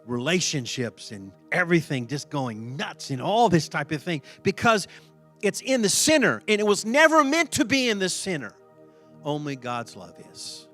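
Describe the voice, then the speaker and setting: A middle-aged man pastor preaching a sermon in an animated, conversational way, laughing often and repeating himself for emphasis. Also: on the high side.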